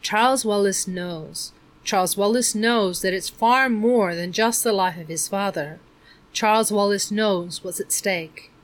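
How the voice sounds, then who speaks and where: A woman reading aloud, voicing an ancient, creaky-voiced woman who explains things earnestly and fondly. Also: mid-range voice, measured pace, lightly acted. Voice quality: creaky, like an unoiled hinge.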